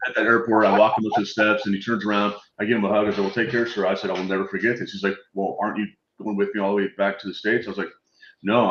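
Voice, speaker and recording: A man on a video call telling animated, swear-laced anecdotes in a casual chat, acting out the voices of the people in his stories. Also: lowish voice, echoey room, highs cut off. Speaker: guest telling war stories.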